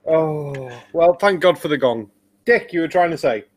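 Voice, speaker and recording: A man's voice: on the high side, moderate pace, slight background noise. Swearing, mocking male show host. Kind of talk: casual group chat reacting to videos.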